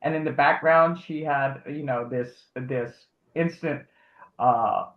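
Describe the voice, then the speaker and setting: A woman's voice: a bass voice, slow. A woman speaks as a guest on a casual livestream. She rambles through her story and acts out the voices of the people she quotes. Her audio is narrow and phone-like, with a hollow echo around it. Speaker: guest, advocate for harassment victims. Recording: tinny phone-like echoey audio.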